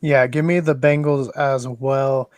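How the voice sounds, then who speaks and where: A man hosting a casual sports chat, relaxed and passing the floor around. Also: mid-range voice, a little slow, dry recording. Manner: relaxed, moves the picks along. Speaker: podcast host.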